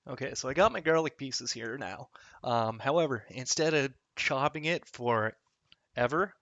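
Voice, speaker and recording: Guy cooking at home, self-mocking and rambly, crisp bright tone, kinda muffled dry recording. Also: mid-range voice, no room sound. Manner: self-deprecating, joking, rambling. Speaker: cooking vlogger. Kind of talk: casual cooking vlog. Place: home kitchen.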